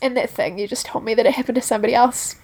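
A woman's voice: fairly high pitch, steady tone, racing, a crowd in the background. A woman co-hosting a podcast, chatting candidly and filling her talk with "like". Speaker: podcast co-host. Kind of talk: casual chat.

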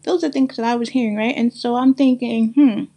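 A woman's voice: a little high, steady tone, brisk, dark tone. A woman host from Brooklyn with a mixed Guyanese and New York accent, talking straight to her listeners in a casual monologue, emphatic and repeating phrases for stress. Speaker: podcast host.

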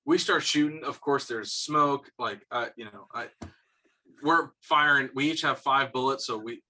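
A young man co-hosts a podcast, telling hunting stories in loose, casual chat. His voice is bright and forceful, he swears freely, and he gets animated when he quotes other people. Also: mid-range voice, measured pace. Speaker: podcast co-host.

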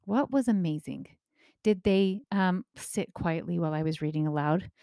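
A woman in her thirties giving casual parenting advice, lively and acting out the remarks she quotes. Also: on the low side, moderate pace, clean tone, no echo, clean studio sound. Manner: animated, acts out quoted remarks, often asks "right?".

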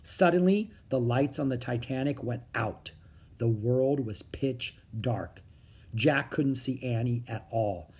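A reader narrating a children's book in a steady storytelling manner. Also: medium pitch, takes it slowly, husky. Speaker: audiobook reader.

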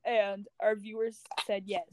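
A woman's voice: medium pitch, little pitch movement, a little slow, background noise. Young woman with dry joking quips. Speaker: podcast co-host. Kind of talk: casual chat. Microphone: call recording.

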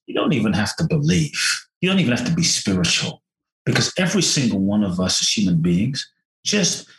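Animated man telling a story, echoey room. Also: fairly low pitch, normal speed. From from outside the US. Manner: animated, acts out his own thoughts. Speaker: podcast guest, personal development teacher. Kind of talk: storytelling in conversation.

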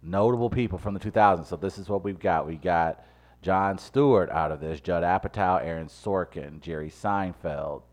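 A man with a very low voice co-hosts a casual chat, pressing his argument with growing animation. He speeds up when a point excites him and reels off lists in a steady run. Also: normal speed. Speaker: podcast co-host.

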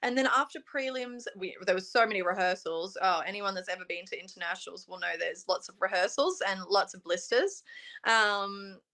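A young Australian woman in her twenties with an Australian accent, chatting quickly as an interview guest, with lots of ums and likes. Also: mid-range voice, bright, forceful tone. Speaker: pageant contestant guest. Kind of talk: casual interview chat.

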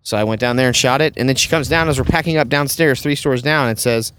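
A man hosts a relaxed podcast, chatting about his work as a wedding photographer. He spins anecdotes freely and slips into voices for the people in his stories, at an ordinary middle pitch. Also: quick pace, smooth. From Southern United States. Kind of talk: casual chat.

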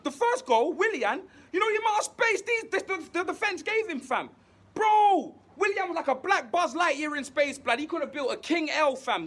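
Man playing a furious young London footie fan, very high voice, lively swings, street slang, faint background noise. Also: breathy edge, heavily acted. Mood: ranting.

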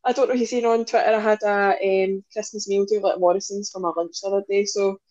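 A woman's voice: medium pitch, fairly even intonation, fast talker, darkish tone, muffled recording. A woman football fan chatting casually as a podcast guest, easygoing and laughing along. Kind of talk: casual chat.

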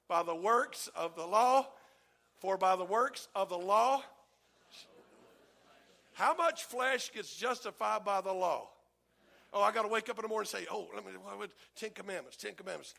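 A man preaching a sermon, animated, asking the congregation for amens and leading them in reading aloud. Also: sits high, unhurried, gravelly, pauses often. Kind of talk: sermon with congregation read-along.

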